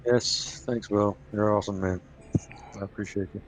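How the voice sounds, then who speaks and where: Laid-back man with a lowish voice. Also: fairly even intonation, normal speed. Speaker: guest on a gaming stream. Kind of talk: casual chat.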